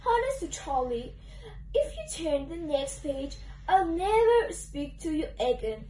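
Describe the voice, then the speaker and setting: A woman's voice: sits high, very animated, unhurried, warm tone, recorded from a distance, a little hiss or hum. A woman reading a picture book aloud, voicing a desperate, whiny storybook character who pleads and sobs dramatically. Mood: pleading. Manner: dramatic pleading, sobbing and bargaining. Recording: roomy echo, away from mic.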